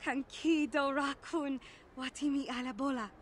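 Brief: a woman playing a high-voiced alien merchant chattering in a made-up tongue. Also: moderate pace, slight background noise, close to an everyday voice. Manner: steady alien-language chatter.

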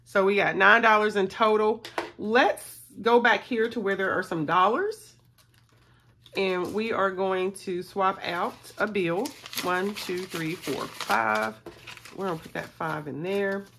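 A woman's voice: medium pitch, takes it slowly, vocal fry, slight background noise. A middle-aged woman, chatting casually to viewers as she works through a savings challenge. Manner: chatty, excitable, talks to viewers as y'all. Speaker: budgeting vlogger.

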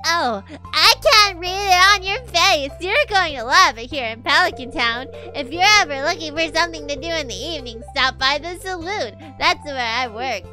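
A cheerful young barmaid from a farming game greets a newcomer, as a woman voices her. Her voice is high, bright and eager. She talks in a bubbly, friendly rush. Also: lively intonation, moderate pace, hardly any pauses, soft background music, full character voice.

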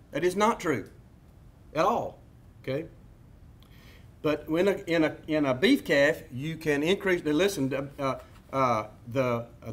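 A man with a Southern US accent giving a seminar lecture as a veterinarian, joking and wandering into asides, with lots of restarts and fillers. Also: fairly high pitch. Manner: jokey, rambling asides, repeats himself, many fillers. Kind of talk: folksy lecture to students.

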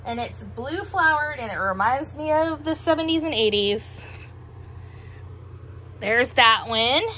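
A middle-aged woman with heavy breathing after a meal, chatting in an unhurried, musing way as she shows off a clothing haul at home. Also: sits high, expressive, sharp tone, a little hiss or hum. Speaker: doll collector showing a clothing haul. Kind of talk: casual show-and-tell vlog.

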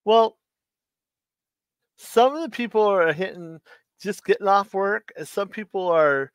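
A middle-aged man hosting a live stream, telling dad jokes in a slow, halting way and chuckling at his own punchlines. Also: sits high, smooth, dry recording. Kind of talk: casual live-stream chat.

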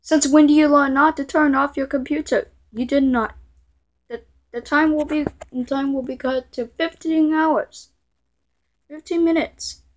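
A woman's voice: high-pitched, fairly even intonation, unhurried. A woman doing a bossy scolding computer error. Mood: angry scolding. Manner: scolding, repeated threats, stammering restarts.

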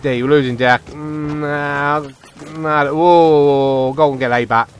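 A young man giving excitable, chatty commentary over his own game, talking to himself and his teammates. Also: on the high side, unhurried, clear, resonant tone. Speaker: gaming channel host. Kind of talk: live gameplay commentary.

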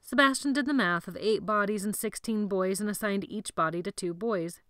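A woman narrating an audiobook chapter in steady, measured storytelling. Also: medium pitch, clean tone, dry recording, studio quality.

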